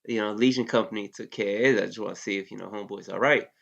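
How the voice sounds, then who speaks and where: A relaxed male army veteran with a low, gravelly voice, recounting a story in loose casual talk. He leans on fillers and swears freely. The sound is dull and lo-fi. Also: very fast. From United States. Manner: laid-back, heavy with fillers like "you know", curses freely. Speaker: interview guest, Army veteran.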